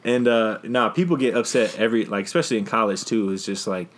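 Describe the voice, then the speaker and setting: A young man in casual podcast chat as a guest, talking in a relaxed way with plenty of fillers. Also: lowish voice, fast, hardly any pauses. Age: young adult. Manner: laid-back, many fillers, laughs often. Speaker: podcast guest, basketball player.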